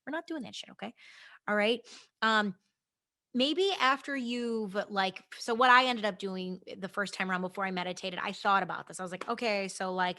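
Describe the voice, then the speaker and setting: Speaking at a normal speed in a mid-range, pushed and bright voice, a young adult woman hosts a casual podcast chat about goals and meditation. She's frank and chatty, swears now and then, and keeps restarting and talking straight to her listeners.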